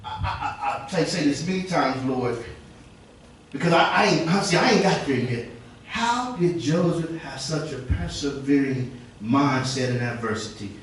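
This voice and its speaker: Male preacher, high voice, storytelling sermon, very echoey hall with faint ambience. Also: moderate pace, a little hiss or hum. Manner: animated storytelling with call and response. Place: church sanctuary. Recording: distant echoey church recording.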